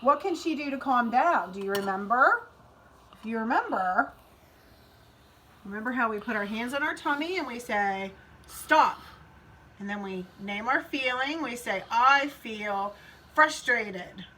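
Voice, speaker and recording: A woman preschool teacher who talks to young children in a gentle, coaxing way and reads them a picture book aloud. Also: on the high side, animated, normal speed, a little hiss or hum, poor audio.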